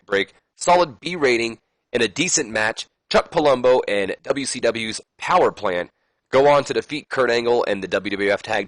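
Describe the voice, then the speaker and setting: A man's voice: fairly low pitch, fairly bright tone, no room sound, rough recording. A man giving casual, rambling commentary over a wrestling management game, reading promo lines aloud with plenty of fillers and self-corrections. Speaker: let's play commentator.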